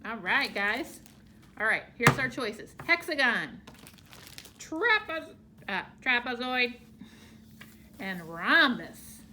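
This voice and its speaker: A woman teacher explaining shapes to young children, slow and exaggerated in her delivery. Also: a little high, big pitch swings, noisy background. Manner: slow, drawn-out, exaggerated for small kids.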